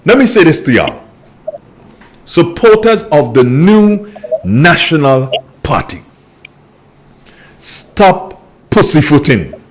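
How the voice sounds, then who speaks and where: Man, Grenadian accent, radio host, scolding, slow deliberate delivery, pitch swings a lot. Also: big pitch swings. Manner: emphatic, scolding, repeats himself for emphasis. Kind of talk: political radio talk.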